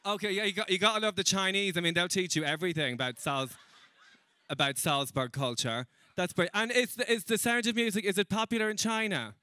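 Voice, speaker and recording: Male stand-up, young, self-mocking crowd work, bright voice, dry close sound. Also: sits high, no echo. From Ireland. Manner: chatty, self-mocking, quick asides to the crowd. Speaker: stand-up comedian. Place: comedy stage before a live audience.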